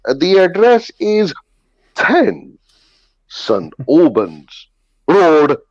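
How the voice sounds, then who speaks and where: A man voicing an old Indian mother with an Indian English accent, who draws out her words slowly. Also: on the high side, wildly swooping pitch, no echo, dull audio, voice pushed up, exaggerated voice. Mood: insistent. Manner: slow, drawn-out, singsong.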